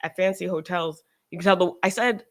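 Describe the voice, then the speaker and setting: A host talking casually on a livestream, animated and sarcastic, often restarting sentences and trailing off. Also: mid-range voice, a little fast. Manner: animated, sarcastic, shifts into mocking quoted voices.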